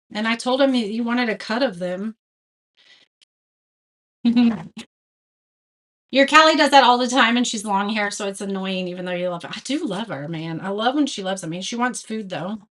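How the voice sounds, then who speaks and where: A woman's voice: on the high side, normal speed, fairly bright tone. Chatty woman hosting a craft livestream. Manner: chatty, self-deprecating, reads viewer comments aloud. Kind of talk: casual live craft tutorial.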